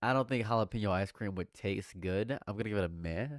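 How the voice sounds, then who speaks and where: A young man doing live reaction commentary, jumping between loud exclamations and low repeated mutters while bantering with his chat. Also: fast talker, no echo, clean studio sound. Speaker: livestream commentator.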